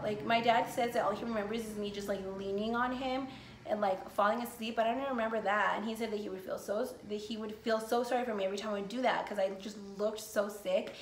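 A woman's voice: mid-range voice, reverberant, a little hiss or hum. A woman from the United States telling a casual storytime vlog, rambling with lots of swearing and filler words. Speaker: vlogger.

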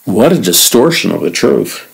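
A man hosting a radio Bible teaching, earnest and emphatic, repeating words as he explains and reading verses quickly between slower commentary. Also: lowish voice, big pitch swings, creaky, low-quality recording. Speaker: radio minister and host.

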